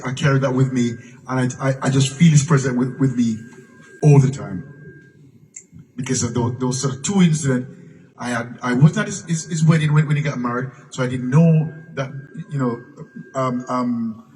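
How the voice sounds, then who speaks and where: Captured on a distant mic with faint room noise, this older man from Jamaica speaks at medium pitch with a darkish tone. He is a guest musician telling stories live at a public Q&A in a museum event room, repeating and restarting words and sometimes bursting into song.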